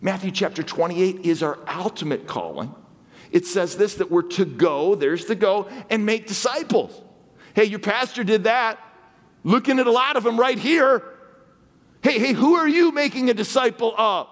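A man preaching a sermon as guest preacher, swinging between excited exclamations and hushed asides. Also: high voice, normal speed. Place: church sanctuary. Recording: long hall reverb.

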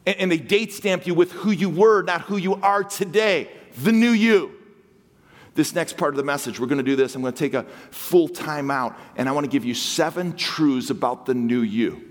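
A man preaching a sermon as a guest pastor, shifting between loud, emphatic lines and low, intimate asides. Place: church sanctuary. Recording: long hall reverb.

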